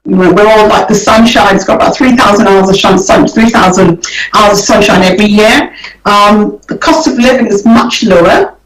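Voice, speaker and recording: Speaking at a moderate pace in a mid-range voice, a woman guest explains property investment during a radio interview, easygoing and prone to repeating words as she thinks. The distant mic gives a roomy sound.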